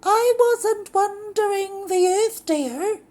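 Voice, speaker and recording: A woman reading aloud and voicing an indignant stage actress who shrieks her lines in a shrill, melodramatic way. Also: slow, darkish tone.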